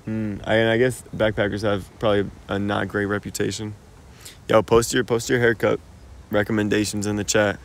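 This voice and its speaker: A man's voice: fairly low pitch, level tone, fairly quick. A young American man livestreaming outdoors as he walks, chatting to viewers in a laid-back, slangy way and laughing often, recorded on a phone. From United States. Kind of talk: casual live-stream chat. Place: outdoors in a park-like cemetery.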